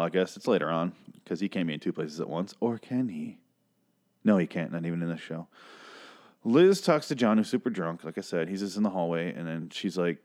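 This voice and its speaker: A man's voice: on the low side, darkish tone. A man casually ranting through a TV episode recap, sarcastic and swearing often, drifting into tangents.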